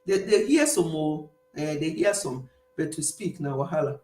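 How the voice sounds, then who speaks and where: A woman's voice: low-pitched, expressive, normal speed, a little mellow, roomy sound. A middle-aged Nigerian woman with an Igbo accent, casually chatting and reading comments for her livestream viewers. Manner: chatty, emphatic, laughs often. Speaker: livestream host. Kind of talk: casual chat with live viewers. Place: home in the UK.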